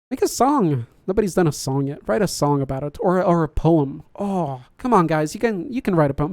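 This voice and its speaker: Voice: mid-range voice, a little mellow, no room sound, studio quality. A podcast host chatting casually on a livestream, reading viewer comments aloud, laughing often and joking about their own slips.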